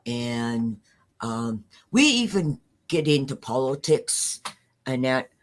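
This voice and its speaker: A woman's voice: extremely low pitch, sing-song, slow pace. An older woman calling into a livestream who speaks hesitantly, stammering and restarting, in an affectionate way. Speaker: caller. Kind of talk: casual livestream call-in.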